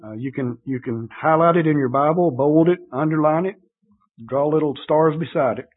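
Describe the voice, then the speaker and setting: Earnest preacher on a tinny line. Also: male voice, on the high side, normal speed. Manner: earnest, reads scripture aloud and comments with fillers. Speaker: pastor. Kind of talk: sermon. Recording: tinny phone-like radio broadcast.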